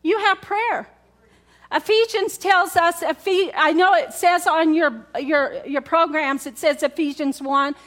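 A woman's voice: very high-pitched, slow pace, fairly bright tone. A woman pastor preaching a sermon to her congregation in a chatty way, repeating key words and asking the room questions. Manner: conversational, repetitive, asks the congregation questions. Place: church in front of a congregation.

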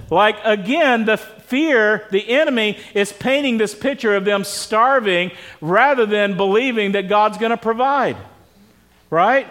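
During a church service, a pastor with a high-pitched, fairly bright voice preaches a casual, conversational sermon. He often stops to ask the congregation questions.

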